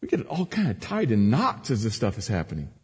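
A man preaching a sermon as a pastor, moving between quiet earnest teaching and raised, emphatic cries. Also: medium pitch, wildly swooping pitch, quick pace, husky. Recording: long hall reverb.

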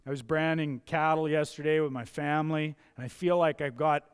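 Pastor, male, high-pitched and gravelly, emphatic sermon delivery in a reverberant church hall. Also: steady tone, a little fast. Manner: emphatic, repeats key phrases for stress. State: gravelly, dusty throat.

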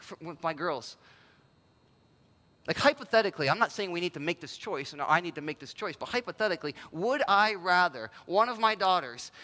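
A man pastor giving a sermon in a conversational, animated way and acting out quotes. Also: high voice, in a large hall.

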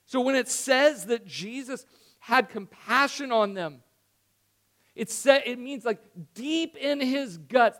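A man preaching a sermon, acting out Bible dialogue with animated swings and dropping to hushed tones for emphasis. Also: high voice. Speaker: pastor.

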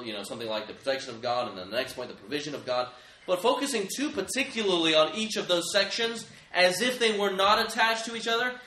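A man's voice: fairly high pitch, bright, forceful tone. A man preaching a sermon, earnest and emphatic, speaking straight to his listeners as friends. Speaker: pastor. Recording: echoey room.

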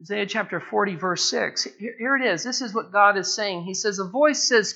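A male preacher with a bright, forceful voice delivers an expository sermon. He repeats key phrases, drags words out slowly and lifts his pitch when he presses a point. The recording sounds a little dull and lo-fi. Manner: repeats phrases, slows down and rises in pitch for emphasis.

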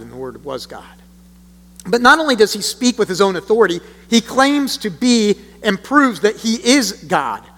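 A high-voiced, slightly bright male pastor preaches earnestly and emphatically, reading scripture aloud before explaining it, with deliberate pauses. His voice rings through a church sanctuary with the long reverb of a large hall.

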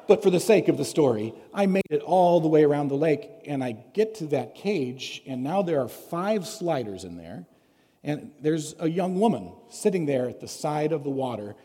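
A man's voice: medium pitch, dark tone, breathy edge. A man preaching a sermon as pastor, telling a story conversationally and asking the congregation questions. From United States. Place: church sanctuary. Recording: long reverb of a church hall.

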